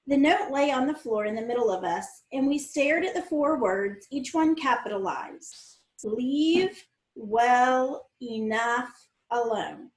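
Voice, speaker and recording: A woman reading a novel aloud in first-person narration, with a lively storytelling manner. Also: high-pitched, moderate pace. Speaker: audiobook reader. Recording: roomy echo.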